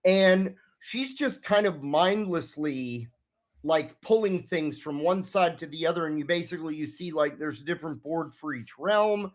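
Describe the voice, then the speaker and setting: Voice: mid-range voice, expressive, moderate pace. A game master narrating a tabletop role-playing scene in a loose, rambling way with many fillers.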